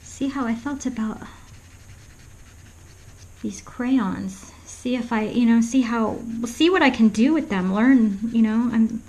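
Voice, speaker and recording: A woman's voice: a little high, slow pace, mellow, poor audio. A woman chatting casually while demonstrating a painting, rambling and hesitant with many ums, often dropping to a whisper and laughing at her own jokes. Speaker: art vlogger.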